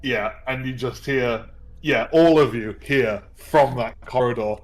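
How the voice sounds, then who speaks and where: A man's voice: mid-range voice, measured pace, soft background music. A man playing in an online tabletop game, narrating his character's actions with laughter and energy. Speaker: player.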